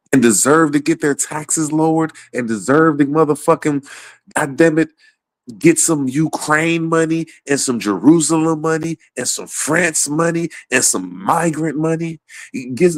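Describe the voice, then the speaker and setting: A man's voice: fairly high pitch, no echo. A man ranting casually about politics, swearing a lot and laughing often between points. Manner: profane, rambling, laughs often.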